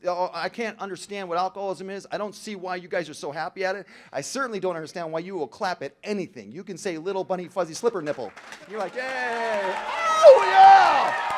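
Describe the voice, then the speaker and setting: A man telling a joke-filled story to a recovery meeting audience in a large hall, full of slang like "bro" and "man", dropping to a hush and then rising to loud shouting. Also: high-pitched. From Southern California. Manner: slangy, joking, calls the crowd "bro" and "man". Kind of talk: storytelling talk to a live audience.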